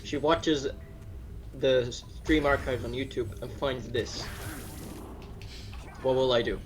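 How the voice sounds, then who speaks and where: A man's voice: mid-range voice, steady tone, slow pace, over music. A man co-hosting a game stream, bantering casually and teasing with a running gag. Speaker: co-host chatting on a game stream.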